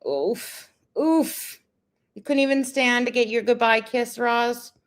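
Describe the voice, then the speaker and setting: A woman's voice: on the high side, fairly even intonation, slow pace. Teasing woman co-host. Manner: teasing, sarcastic interjections. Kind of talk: casual chat.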